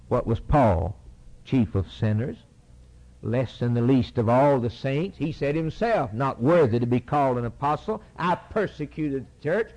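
A man's voice: on the high side, sing-song, moderate pace, mellow, poor audio. A man preaching a sermon, reading scripture aloud and driving points home through repeated phrases.

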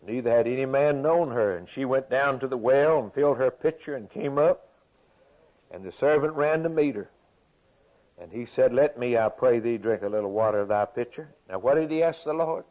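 A man preaches a sermon in a folksy, unhurried way, reading scripture and then explaining it. He repeats phrases for emphasis, and his mid-pitched voice comes through a dull, lo-fi recording. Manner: folksy, repeats phrases, chuckles between points.

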